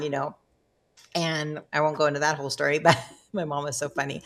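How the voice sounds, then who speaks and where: Middle-aged woman guest, low voice, warm-humored, chatty storyteller who laughs often. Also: steady tone, fairly quick. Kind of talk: casual storytelling.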